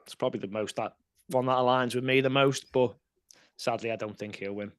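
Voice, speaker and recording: A man co-hosting a casual chat, animated and jokey, laughing often. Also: medium pitch, fairly quick, clean tone. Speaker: podcast co-host.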